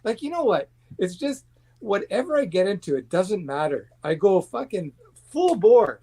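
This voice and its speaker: Man, blunt rambling talker, swears a lot, voice sits a bit high. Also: big pitch swings, normal speed, mellow, breathy edge. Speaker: guest watch collector. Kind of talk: casual livestream chat.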